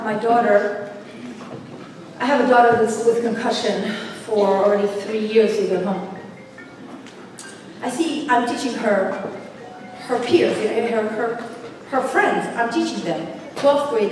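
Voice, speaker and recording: A middle-aged woman giving an emotional talk to a women's audience, telling stories and swinging from hushed to loud. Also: a little high, noisy background. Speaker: speaker at a women's event. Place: large hall. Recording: echoey hall from far off.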